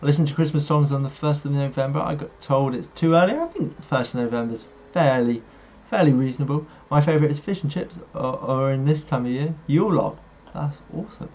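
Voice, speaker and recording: A man's voice: fairly high pitch, lively intonation, brisk, hardly any pauses, a little mellow. Chatty man hosting a livestream. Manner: chatty, reads viewer messages aloud and replies. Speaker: livestream host. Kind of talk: casual live-stream chat. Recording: slightly dull audio, faint music behind. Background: faint background music.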